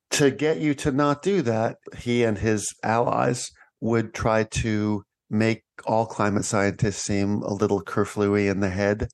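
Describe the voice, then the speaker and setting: A man's voice: fairly low pitch, steady tone, a little slow. A man, an author and interview guest, telling stories in a wry way and often breaking into laughter. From United States. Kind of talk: conversational interview.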